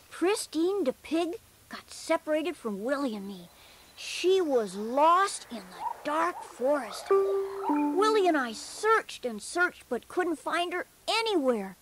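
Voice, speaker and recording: Cheerful bear narrator, high voice, slow, gentle earnest storybook telling. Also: male voice, slight background noise, full character voice.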